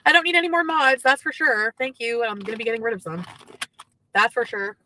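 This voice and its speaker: A woman's voice: a little high, a little fast, sharp tone, slight background noise, rough recording. A woman chatting casually on a livestream from her car, gossiping and reading out chat messages.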